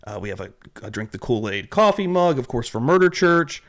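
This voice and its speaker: Excitable male livestream host. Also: mid-range voice, fairly quick. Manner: animated, excitable, swears casually. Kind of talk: casual livestream chat.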